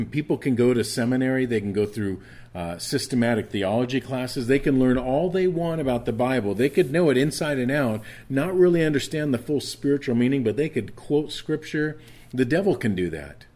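A man's voice: mid-range voice, animated, normal speed, darkish tone. A man preaching a conversational sermon, reading scripture aloud and explaining it. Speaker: pastor.

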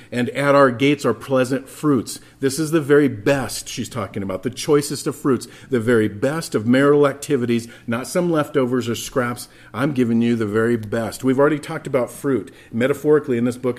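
A man preaching a sermon as pastor, telling stories and speaking straight to the congregation. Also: medium pitch. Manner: animated storytelling, addresses congregation directly.

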